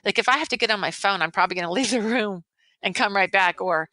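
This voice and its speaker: Woman in her sixties, longtime educator, bright tense tone, dry close podcast sound, earnest rambling guest. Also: mid-range voice, fast talker, dry recording, poor audio. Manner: earnest, rambling, many restarts. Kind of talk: casual interview chat.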